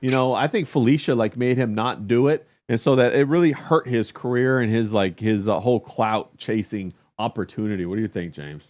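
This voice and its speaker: A man's voice: medium pitch, a little fast, few pauses, a little mellow. A man hosting a casual livestream chat, joking crudely and reading out viewer comments. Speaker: podcast host.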